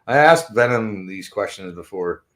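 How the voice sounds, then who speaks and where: A Canadian man hosting a podcast, high and rambling in casual, profane chat with frequent laughs. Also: expressive, normal speed.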